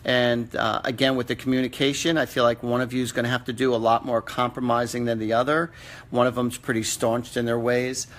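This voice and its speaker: A man hosting a live-stream psychic reading. He answers viewers' questions in an earnest, halting way, with many fillers and restarts. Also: medium pitch, little pitch movement, a bit bright. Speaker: psychic medium host.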